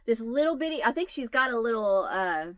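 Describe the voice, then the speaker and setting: A woman's voice: on the high side, very animated, brisk, no room sound. A woman in her forties telling a long funny family story to her viewers in casual chat, laughing her way through it. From United States. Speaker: channel host.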